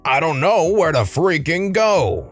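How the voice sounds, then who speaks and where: A man voicing a rude, angry middle-aged male patient who speaks slowly and insults people. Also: a little high, very animated, no echo, faint music behind, voice pushed up. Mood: angry, bullying. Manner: slow, menacing, insulting.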